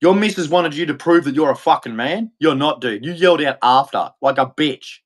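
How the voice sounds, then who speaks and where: A man's voice: on the high side, fairly quick. Profane Australian man ranting angrily. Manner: profane, insulting, repetitive. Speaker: livestreamer. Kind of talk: angry ranting monologue.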